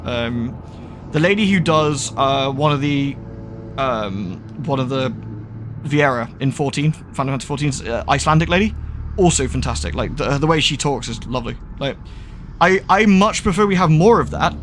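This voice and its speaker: A man's voice: mid-range voice, expressive, moderate pace, background noise. A man with a West Country English accent, chatting casually and rambling while he streams a game. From England. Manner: chatty, rambling, lots of fillers and restarts. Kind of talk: casual gaming commentary.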